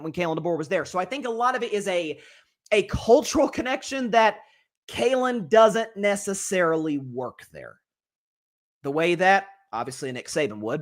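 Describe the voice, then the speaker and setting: High-pitched and a little bright, the host's voice carries his college football reaction show. He wanders through his points casually, often starting over and drifting into asides.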